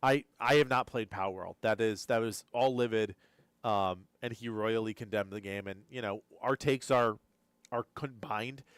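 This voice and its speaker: A man's voice: on the low side, clear, resonant tone, no room sound. Drowsy, rambling male streamer. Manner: rambling, repeats words while thinking aloud. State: drowsy, keeps yawning. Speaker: gaming news streamer. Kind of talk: live-stream reaction commentary.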